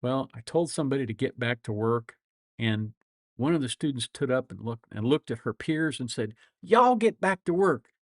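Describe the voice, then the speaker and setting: A middle-aged man with a flat Midwestern accent, a lawyer hosting a casual livestream, rambling through folksy stories and chuckling often. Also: mid-range voice, moderate pace, no echo, studio quality. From grew up all over the world.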